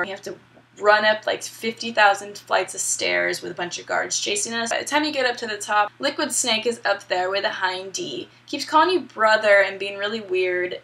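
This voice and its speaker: A woman's voice: mid-range voice, gravelly, pushed and bright. A young woman casually recapping a video game story, chatty and upbeat with some swearing. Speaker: gaming video host.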